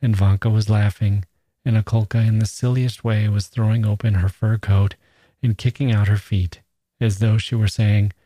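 A man hosting a podcast, reading a classic short story aloud in a measured storytelling manner. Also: on the low side, level tone, mellow, dry recording. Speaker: podcast host and reader. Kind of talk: scripted literary reading.

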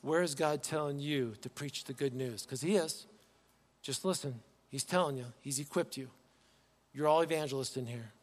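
A man's voice: on the high side, moderate pace, in a large hall. A male pastor preaching a sermon in a conversational, storytelling way, often asking the congregation rhetorical questions. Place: church sanctuary.

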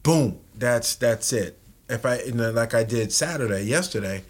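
A man co-hosting a couples podcast, talking in a measured, reflective way with frequent restarts. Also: mid-range voice, animated. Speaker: co-host. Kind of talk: casual podcast chat.

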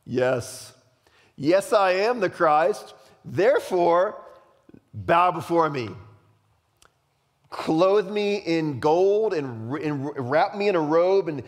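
A man voicing a grandiose man who claims to be the Christ and loudly demands power, riches and worship. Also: high voice, long reverb tail, pitched above the performer's own voice. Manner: loud, proclamatory, commanding.

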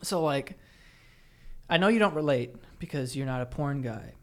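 A man's voice: medium pitch, lively intonation, normal speed. A young man co-hosting a podcast in loose, rambling casual chat, laughing easily as he tells stories. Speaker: podcast co-host.

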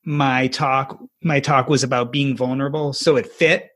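A man's voice: medium pitch, fairly even intonation, moderate pace, a bit bright. Conversational male host who steers the panel with questions. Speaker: podcast host. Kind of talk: casual podcast interview.

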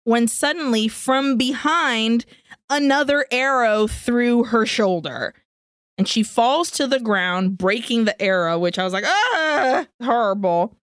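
On a podcast she co-hosts, this woman swears freely while animatedly recounting a movie's plot in casual conversation. Her voice is on the high side, a bit bright and smooth, at a measured pace, captured studio-clean with no room sound.

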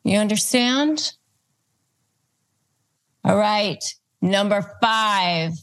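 A woman host giving advice, walking through numbered steps with deliberate emphasis and acting out calm replies and knowing looks. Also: on the low side. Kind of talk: instructional advice talk.

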